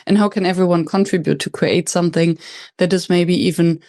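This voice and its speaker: Woman host asking thoughtful questions, low warm voice. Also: fairly even intonation. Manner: summarizing and probing, measured. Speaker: podcast host. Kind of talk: interview.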